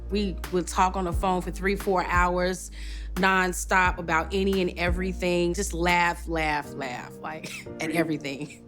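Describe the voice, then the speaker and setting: A woman's voice: on the low side, fairly even intonation, measured pace. A woman who is a singer, telling a personal story in a reality show interview. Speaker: audience member and singer. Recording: interview with music bed underneath.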